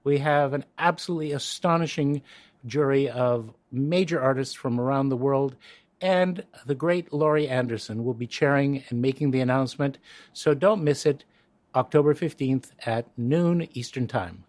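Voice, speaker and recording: A man's voice: medium pitch, normal speed, darkish tone, no echo. A man hosting an interview, giving an enthusiastic, admiring introduction and asking questions. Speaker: host.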